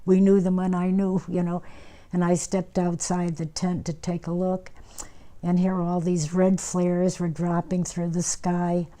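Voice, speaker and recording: An elderly woman in her nineties tells an old memory in an oral history interview. Her voice sits low and mellow, with a flat, even melody. She speaks unhurriedly, filling pauses with small hesitations and restarting her phrases. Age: 90s. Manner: unhurried reminiscing with many fillers and restarts. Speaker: war veteran interviewee.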